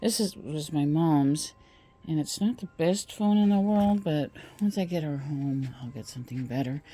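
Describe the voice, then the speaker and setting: A woman's voice: moderate pace, dark tone. A woman vlogging casually from California, filming her home and garden on a phone and chatting in a rambling, talkative way. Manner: chatty, rambling, talks to pets in a high sing-song. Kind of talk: casual home tour chat. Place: home and garden, indoors and outdoors. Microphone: phone held while filming.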